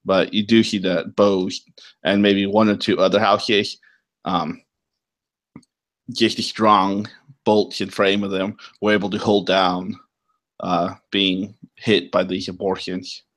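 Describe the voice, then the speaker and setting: A man runs a tabletop game, describing the world to his players at a slow, deliberate pace. His voice sits on the lower side, and he fills gaps with plenty of ums and uhs as he thinks aloud. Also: flat delivery, a bit bright. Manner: unhurried, filler-heavy explaining. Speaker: game master.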